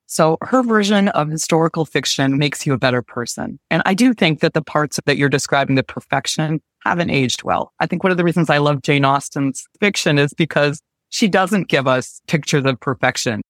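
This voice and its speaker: A middle-aged woman, an English professor and guest, reading a passage aloud expressively and then explaining her views in a measured, thoughtful way. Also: sits low, no room sound, clean studio sound. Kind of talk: dramatic reading and interview talk.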